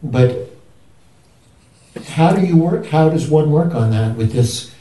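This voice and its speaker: A man asking a long, halting question at a retreat, often restarting and searching for his words. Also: fairly high pitch, lively intonation, warm tone, roomy sound, far from the mic, poor audio. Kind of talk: rambling spoken question.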